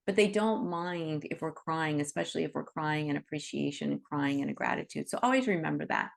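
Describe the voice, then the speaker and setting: Female teacher, low gravelly voice, earnest and reassuring, on a video call. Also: a little fast. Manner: earnest, reassuring, frequent "right?" and "you know". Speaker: Reiki teacher leading an online group. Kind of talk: teaching talk to an online group.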